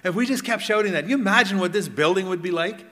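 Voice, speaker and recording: A middle-aged man preaching a sermon in a conversational way, asking the congregation questions and swinging between loud and hushed. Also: high voice, lively intonation, quick pace, long reverb tail. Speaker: pastor. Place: church hall.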